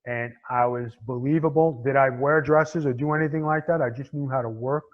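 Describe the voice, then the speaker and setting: A man's voice: medium pitch, steady tone, a little fast, dull audio. A middle-aged man from Staten Island with a New York accent, a former pro wrestler talking bluntly and casually in an interview. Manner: blunt, streetwise, lots of "you know".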